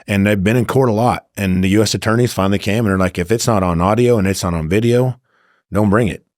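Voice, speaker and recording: A man with a lowish voice swaps undercover stories on a podcast in a laid-back, salty way. The sound is dry and close, straight into a studio mic. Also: fast talker, darkish tone, dry recording. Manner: laid-back, swearing, acts out quoted voices. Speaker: former undercover officer, guest. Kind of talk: casual storytelling.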